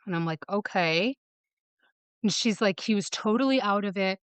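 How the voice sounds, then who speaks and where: A clean-toned, mid-range female voice with no room sound belongs to a Michigan woman guesting on a podcast. Speaking quickly, she recounts a personal story and quotes others, peppering it all with "like."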